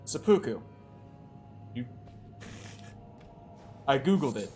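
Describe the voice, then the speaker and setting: A man with a slightly high, somewhat bright voice streams a video game at an unhurried pace, with faint music in the background. He chats casually, swears freely and talks back to the screen while playing.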